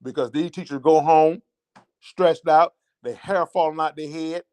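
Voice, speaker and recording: An impassioned Southern man with a higher voice hosts a show as an advocate for a teachers' association. He tells an emotional story at a measured pace, repeating points as his indignation rises, and his tone is darkish and smooth.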